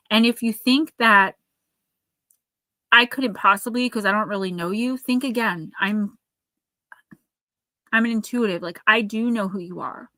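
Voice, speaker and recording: A woman reading oracle cards live for her viewers, with a bright, clear tone. She sounds earnest and caring and talks to people by name. The sound is dry and close, with no room echo. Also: mid-range voice, unhurried, pauses often. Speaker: oracle card reader.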